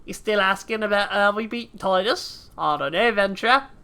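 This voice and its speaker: Woman putting on a swaggering game mercenary guy, fake british accent drifting aussie, bright edgy voice, blunt and rough. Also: mid-range voice, normal speed. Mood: boastful. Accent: put-on British slipping into Australian. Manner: rough, swaggering, clipped drops like "oi" and "ain't". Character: gruff cocky male mercenary, grudging and blunt. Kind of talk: reading game dialogue aloud.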